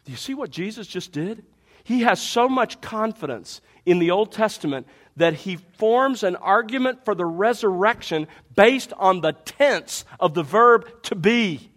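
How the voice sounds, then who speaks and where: High-voiced animated male preacher. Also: a little slow. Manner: animated, rhetorical questions, reads scripture aloud. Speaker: pastor. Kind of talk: expository sermon.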